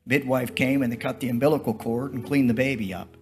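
A man's voice: medium pitch, steady tone, fairly quick, darkish tone. An older man preaching a testimony-style sermon, telling stories in a folksy, rambling, repetitive way. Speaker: traveling preacher.

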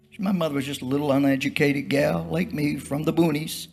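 Folksy older preacher with faint music. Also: male voice, on the high side, fairly even intonation, fairly quick, gravelly. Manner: folksy, rambling, repetitive storytelling. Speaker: traveling preacher. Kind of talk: sermon testimony.

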